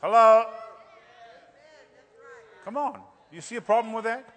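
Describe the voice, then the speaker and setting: A male preacher giving a humorous sermon, animated and joking, often tossing out a rhetorical "hello?" for laughs. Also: very high-pitched, fast talker, in a large hall.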